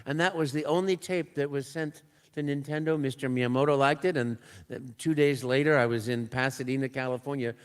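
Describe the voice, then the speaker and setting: Speaking a little fast in a clear, resonant mid-range voice, an older voice actor guest tells a story at a live convention panel. He brings it to life by acting out dialogue and sound effects.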